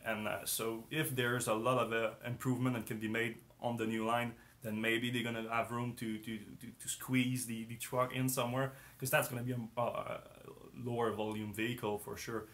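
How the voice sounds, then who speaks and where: In a flat, mid-range, slightly bright voice, a man hosts a laid-back live-stream discussion at a moderate pace with hardly any pauses, yet he is hesitant, using many fillers and restarts. He is losing his voice, sounds strained, and clears his throat.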